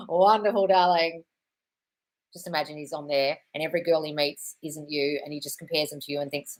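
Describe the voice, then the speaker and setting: A woman's voice: low voice, steady tone, normal speed, low-quality recording. A woman hosting a live question-and-answer stream, reading out viewer comments and answering them with effusive praise and frank, sometimes sweary advice, calling everyone darling. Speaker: manifestation coach host.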